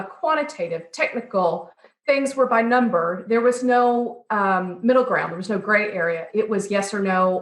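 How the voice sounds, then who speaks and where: A woman pastry chef, a guest on an interview podcast, telling stories from her training in a lively way and acting out what other people said. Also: on the high side. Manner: lively storyteller who acts out quoted people. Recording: roomy echo.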